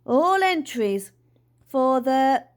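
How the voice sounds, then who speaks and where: A woman voicing a brisk, officious little chubby man with a clipboard, who booms his questions and announcements. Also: sing-song. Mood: announcing.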